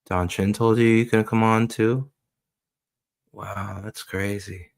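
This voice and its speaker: Slow-speaking man asking questions. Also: lowish voice, level tone. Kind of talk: casual chat.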